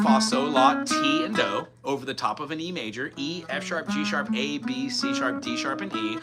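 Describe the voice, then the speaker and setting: Lively man teaching guitar. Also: on the high side. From mainland United States. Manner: animated, thinks aloud, scats melodies. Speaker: music teacher. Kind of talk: live-streamed guitar lesson. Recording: loud guitar under the voice. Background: guitar playing.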